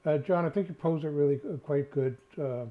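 A man's voice: on the high side, brisk. Older New York man, rambling. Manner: rambling, many filler sounds. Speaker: co-host. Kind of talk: casual chat. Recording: dull lo-fi sound.

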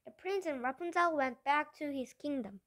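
High, bright woman reading a storybook. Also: moderate pace, no room sound, low-quality recording. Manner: careful reading with small slips and restarts. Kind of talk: storybook read-aloud.

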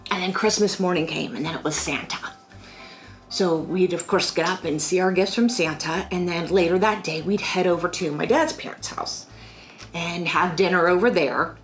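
Chatty woman telling family stories. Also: fairly low pitch. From Pennsylvania. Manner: chatty, rambling, animated storytelling. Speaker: financial firm staff. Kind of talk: casual personal storytelling.

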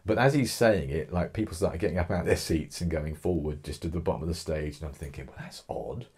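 A middle-aged English man from Kent, an interview guest telling a personal story in animated, conversational style. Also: very deep voice, fast talker, husky. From England. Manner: animated storyteller, acts out quotes, frequent restarts.

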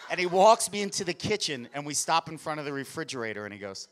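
A man doing stand-up comedy on a club stage, telling family stories in an energetic, conversational way to the audience. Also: on the high side, fast, slight background noise.

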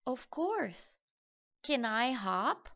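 A woman voicing a kind giraffe in a children's story, reassuring and warm in her words. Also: a little high, sing-song, very slow, muffled recording, heavily acted.

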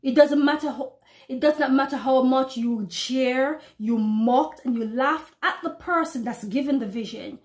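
A woman preaching prophecy to her online followers, fervent and emphatic, slowing down when she reads scripture aloud. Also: high voice. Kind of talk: preaching to camera.

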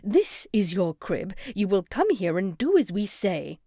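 Woman narrator doing theatrical old witch aunt, commanding, drawn-out delivery, storybook reading. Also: medium pitch, big pitch swings, mellow, dry recording, clean studio sound. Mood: imperious. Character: eccentric older witch aunt, dramatic and bossy.

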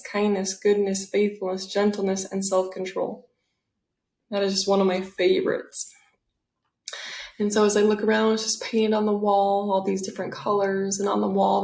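A woman narrating a guided visualization in a soft, dreamy, enthusiastic manner. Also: mid-range voice. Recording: roomy echo.

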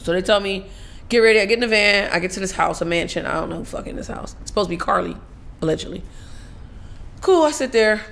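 A woman guest on a casual talk show, telling lively stories, swearing freely, laughing often and acting out other people's lines. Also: mid-range voice, fast talker, creaky. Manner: laughs often while talking. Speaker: podcast guest. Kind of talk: casual storytelling interview.

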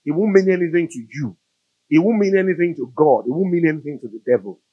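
A man with a Nigerian accent preaching a sermon, telling stories in an animated way that builds to loud, emphatic peaks. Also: a little high, fast, breathy edge, no echo, muffled recording. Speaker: pastor. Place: church or studio.

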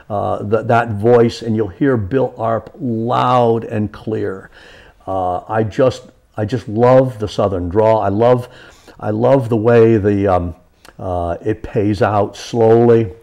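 A man's voice: on the low side, slow, creaky, mellow. A man, an author as a guest, telling stories in a casual community TV studio interview, chatty and full of restarts.

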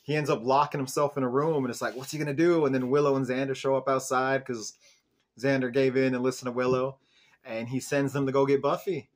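A man's voice: mid-range voice, a little fast. Chatty man recapping a TV episode. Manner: chatty, peppered with "like" and "um", animated retelling. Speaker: show host reviewing an episode.

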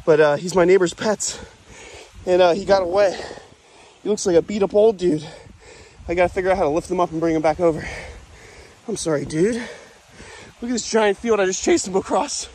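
A man vlogging outdoors in an open field, out of breath and excited, talking to the camera in a casual, repetitive way while he chases after something. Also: high-pitched, normal speed. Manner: excited, breathless, repeating himself while chasing an animal. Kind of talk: handheld outdoor vlog.

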